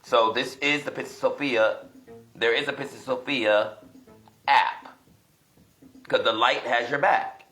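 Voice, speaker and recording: A man gives a casual home teaching session, thinking aloud and rambling, and he turns emphatic as he goes. His voice is bright and forward. The room around him is echoey. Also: mid-range voice, fairly even intonation, measured pace, pauses often. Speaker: self-styled religious teacher. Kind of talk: casual video teaching while browsing apps.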